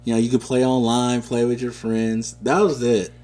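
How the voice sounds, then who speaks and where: A man co-hosting a podcast, telling stories in a casual, animated, slangy way. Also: mid-range voice, moderate pace, soft background music. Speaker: podcast co-host. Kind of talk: casual chat.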